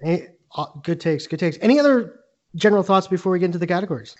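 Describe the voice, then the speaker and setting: A man's voice: high-pitched, expressive, quick pace, highs cut off. A man co-hosting a casual movie podcast, talking eagerly in a rambling way with lots of restarts. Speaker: podcast co-host.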